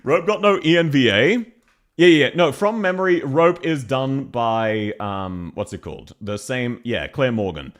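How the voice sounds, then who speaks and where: A man's voice: medium pitch, animated, a little slow. A young man with a Canberra Australian accent, casually chatting on a live stream, laughing and swearing often.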